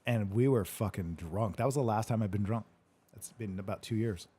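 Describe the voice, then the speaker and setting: A man's voice: lowish voice, normal speed, warm tone, slightly rough. A man hosting a casual question-and-answer chat, rambling through a story, laughing often and swearing casually. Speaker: host answering live questions.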